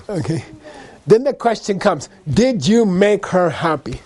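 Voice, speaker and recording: A man with a high voice teaches a Buddhist class. He talks loosely and conversationally, and he keeps checking in with his listeners. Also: sing-song, measured pace, a little mellow. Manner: conversational, frequent "okay?" and "you know".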